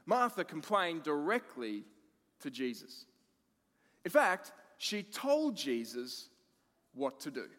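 A man preaching a sermon as pastor, expressive, moving between emphatic lines and hushed ones. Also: fairly high pitch, slow, pauses often, in a large hall.

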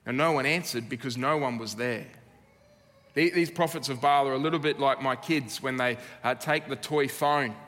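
A man with an Australian accent preaching a sermon, earnest and emphatic, with dramatic pauses. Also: medium pitch, fairly bright tone, long reverb tail. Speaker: pastor.

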